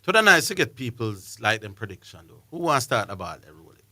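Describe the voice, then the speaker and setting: A Jamaican man hosting a sports call-in show, chatty and joking with his co-hosts. His tone is bright and sharp, in a dry studio. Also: mid-range voice, big pitch swings, fast talker, dry recording. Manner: jokey, chatty, reads out phone numbers. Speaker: sports radio host. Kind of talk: casual radio hosting.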